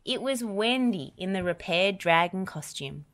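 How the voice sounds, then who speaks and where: A woman narrating a children's storybook aloud in a gentle, even storytelling manner. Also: medium pitch, a little slow, no echo. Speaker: children's book reader.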